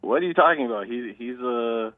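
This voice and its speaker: A man's voice: mid-range voice, animated, a little fast, no room sound. A man from Toronto with a Toronto accent, calling into a talk show and rambling casually in slangy talk. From Toronto, Canada. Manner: rambling, loose slangy talk with many restarts. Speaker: caller. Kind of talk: casual phone-in chat. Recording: tinny phone line.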